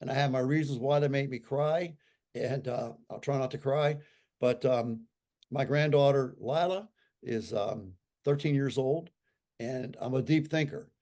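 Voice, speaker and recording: A man in his sixties, a guest on an interview, who talks in an animated and emphatic way and repeats his points for effect. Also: medium pitch, a little slow. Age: 60s. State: recovering from a stroke. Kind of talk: casual conversational talk.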